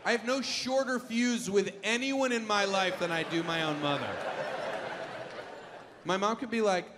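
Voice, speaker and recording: A man stand-up comedian doing an exasperated routine with sudden shouted outbursts. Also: high voice, moderate pace. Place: large comedy venue with audience. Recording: loud crowd and room noise.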